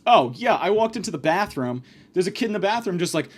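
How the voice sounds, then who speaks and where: A man's voice: high voice, a little fast, darkish tone. A man hosting a comedy podcast, telling stories in a profane, exasperated rant. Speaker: podcast host.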